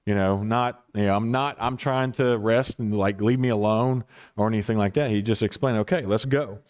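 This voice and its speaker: A man's voice: on the low side, steady tone, moderate pace, a little mellow, clean tone. A man leading a casual Bible study as pastor, rambling and correcting himself with chuckling asides.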